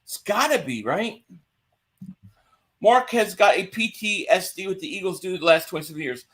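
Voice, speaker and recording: Casual stream host, male, higher register, bright edge, chatty and greeting the chat. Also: expressive, normal speed. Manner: chatty, greets viewers by name. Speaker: livestream host. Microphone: home streaming mic.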